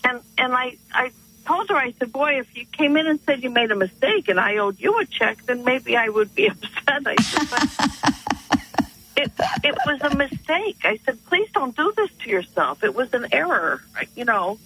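A woman's voice: high-pitched, lively intonation, normal speed, bright, forceful tone, breathy edge. A woman from northeastern Pennsylvania calling into a radio show, telling a story earnestly and with animation. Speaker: caller. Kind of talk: phone-in storytelling. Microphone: telephone. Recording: tinny phone line.

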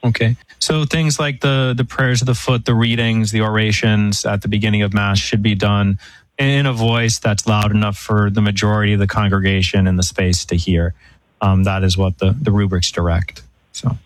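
A priest on a radio call-in show, explaining church rules in a measured way with frequent pauses and fillers. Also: male voice, fairly low pitch, steady tone, dry recording, low-quality recording. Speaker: priest answering questions.

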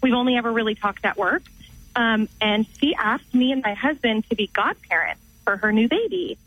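A woman's voice: a little high, expressive, normal speed, fairly bright tone, dry recording, soft background music. A cheerful young woman calling in to a radio show and asking for advice. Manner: upbeat, friendly. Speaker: caller. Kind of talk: phone call to a radio show. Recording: dull phone line.

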